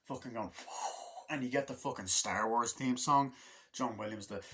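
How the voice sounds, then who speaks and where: Rambling, profane man with a bright voice. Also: medium pitch. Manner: rambling, swears a lot, acts out scenes in quick impressions. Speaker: movie reviewer. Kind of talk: casual movie review.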